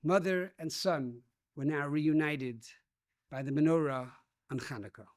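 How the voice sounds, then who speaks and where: A man's voice: on the high side, a little slow, no room sound, clean studio sound. A rabbi giving a sermon, telling a story and addressing his listeners as dear friends.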